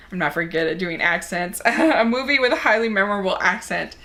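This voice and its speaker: A woman's voice: medium pitch, expressive, brisk, few pauses, bright, forceful tone. A young woman reviewing movies, chatting casually and enthusiastically as she answers a movie tag.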